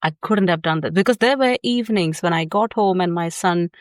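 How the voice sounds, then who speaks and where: A woman's voice: fairly low pitch, a little fast, dry recording, studio quality. A woman psychotherapist guesting on a podcast, telling personal stories candidly and laughing often. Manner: warm storytelling, often laughing.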